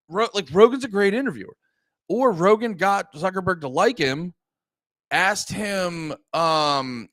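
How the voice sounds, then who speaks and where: A young man hosting a live stream rants in a loose, profane way, stumbling through restarts and slipping into mocking voices. His voice sits a bit high for a man. The sound is dry and close, with no room around it. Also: no room sound. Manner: animated, profane, many restarts, mocking put-on quotes. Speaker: streamer and podcast host. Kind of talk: casual live-stream rant.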